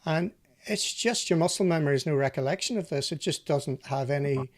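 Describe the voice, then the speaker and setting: A man's voice: on the high side, brisk. A man hosting a casual interview, chatty and wry, steering the questions. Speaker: podcast host.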